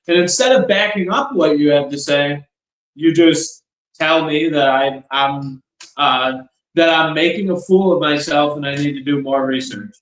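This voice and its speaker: A man's voice: fairly high pitch, measured pace, fairly bright tone. A man co-hosting a podcast, recounting events in a sarcastic, mocking way. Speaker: podcast co-host. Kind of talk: casual political discussion. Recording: roomy echo.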